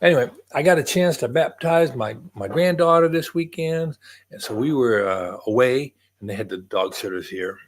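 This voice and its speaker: A man's voice: mid-range voice, expressive, moderate pace. An older man hosting a casual livestream from home, chatting in a rambling way and greeting viewers by name. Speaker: livestream host.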